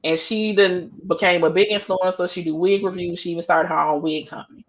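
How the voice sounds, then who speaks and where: A woman's voice: fairly low pitch, steady tone, a little fast. Blunt woman cohost, lo-fi sound. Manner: blunt, profane storytelling. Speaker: podcast co-host. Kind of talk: casual chat.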